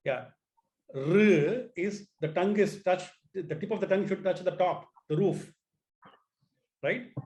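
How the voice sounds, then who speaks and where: A man teaches an online class, his voice sitting a little high. He restarts phrases often and coaxes his students to repeat the sounds after him. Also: a little slow, long pauses, darkish tone. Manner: repeats words, asks students to try sounds.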